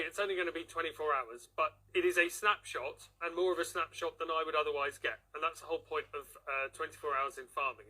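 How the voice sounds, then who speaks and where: Male radio presenter, self-deprecating and jokey; husky, sharply bright tone. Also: a little high, low-quality recording. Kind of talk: casual radio chat.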